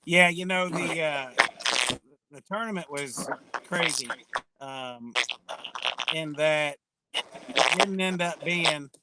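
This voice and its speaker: A man guest on a live interview, answering in a relaxed, plain-spoken way over a video call. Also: fairly high pitch, slow, pauses often, heavy background noise. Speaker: guest angler.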